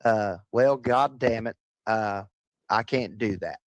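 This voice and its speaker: A man's voice: lowish voice, slow. A young man hosting a livestream, chatting in a rambling, offhand way full of casual swearing. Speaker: livestream host.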